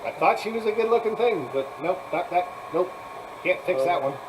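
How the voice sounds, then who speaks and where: A man's voice: high voice, lively intonation, brisk, noisy background. A man hosting a casual live chat, rambling, laughing often and thanking viewers as he talks. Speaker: live stream host.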